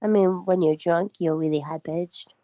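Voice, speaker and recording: A woman's voice: fairly low pitch, steady tone, normal speed, no echo, muffled recording. A woman joking and playfully pleading in casual chat with a friend.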